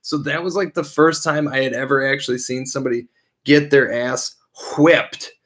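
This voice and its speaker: A young man spins a rowdy yarn on a casual podcast, swearing freely and padding his lines with "like" and "frickin'". He rambles from one detail to the next and drops into quick put-on voices for his friends. His voice sits at a middling pitch. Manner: rambling, profane, animated retelling with filler "like" and "frickin'"; acts out quoted friends with shifted voices. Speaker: podcast co-host. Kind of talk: casual storytelling.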